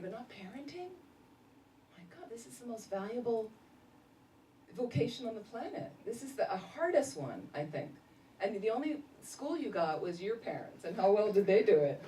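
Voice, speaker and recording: A woman, a Buddhist nun, giving a casual dharma talk full of lively stories and laughter. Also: medium pitch. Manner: animated storytelling, laughing often. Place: meditation center hall. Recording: roomy echo, distant mic, faint noise.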